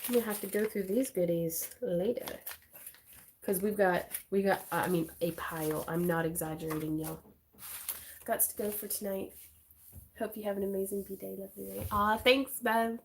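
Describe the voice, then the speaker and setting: A bubbly woman hosts a casual craft livestream, talking excitedly and giggling often. Her voice sits at a medium pitch. A faint noise hums behind her. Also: normal speed.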